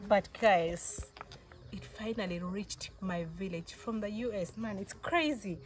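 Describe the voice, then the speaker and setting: A young woman chats to her viewers in a casual vlog, her voice sitting a little high. She sounds excited and emotional, with frequent giggles, and speaks to the camera as if to close friends. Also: normal speed, slight background noise. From Uganda. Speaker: vlogger.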